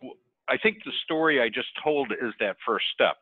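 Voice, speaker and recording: A man speaking as a webinar panelist, telling stories in an animated, conversational way over tinny call audio. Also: medium pitch, normal speed, slight background noise. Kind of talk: webinar storytelling.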